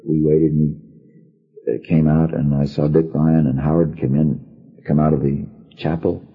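An older man, a former radio actor, telling a wry funeral anecdote in an unhurried storytelling manner, on an archive recording. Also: extremely low pitch, creaky, phone-quality sound.

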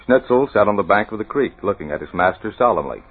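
A man narrating a radio drama in measured, dramatic storytelling. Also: fairly low pitch, animated, slightly rough, phone-quality sound. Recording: old radio broadcast with music, phone-thin.

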